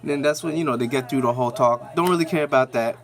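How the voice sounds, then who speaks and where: A man's voice: mid-range voice, fast, a crowd in the background. A man hosting a nerd news channel, giving a casual, slangy, rambling recap of a TV episode with lots of fillers.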